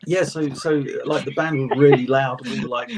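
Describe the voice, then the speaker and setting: A young British man on a chat panel, telling lively anecdotes and acting out the people in them. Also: medium pitch, a little fast, noisy background. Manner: animated anecdotes, acting out quotes, self-laughing. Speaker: panel co-host. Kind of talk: casual storytelling chat.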